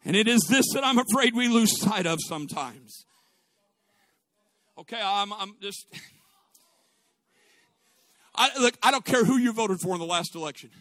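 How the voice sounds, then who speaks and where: A man preaching. His tone is bright and forceful, and the sound is dry and close. He drops to hushed storytelling, then rises to shouting. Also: high voice, animated, moderate pace, pauses often, no echo. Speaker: pastor. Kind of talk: sermon.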